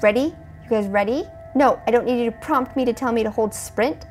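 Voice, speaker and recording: A woman with a fairly high voice gives let's-play commentary on a creepy game. She chatters to her viewers in a jumpy, excitable way. Faint game music sits underneath her. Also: fairly quick, hardly any pauses. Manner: jumpy, chatty, talks to viewers, frequent gasps and exclamations. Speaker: gaming video host.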